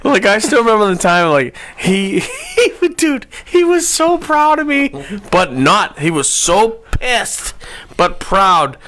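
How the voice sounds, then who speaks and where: A man's voice: high voice, slow, noisy background. A young man telling a story in casual chat, swearing freely and acting out quotes. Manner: animated, swearing, acts out quotes with laughter.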